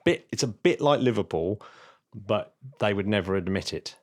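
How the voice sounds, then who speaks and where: A man's voice: lowish voice, expressive, normal speed. A man hosting a podcast in casual chat, rambling with many restarts and fillers. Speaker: podcast host.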